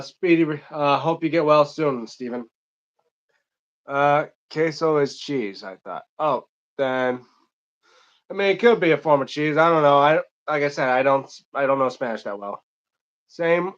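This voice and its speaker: Man from Michigan, live stream host, reads chat aloud, rambling and casual, slightly high voice, dull lo-fi audio. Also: a bit bright, clean tone.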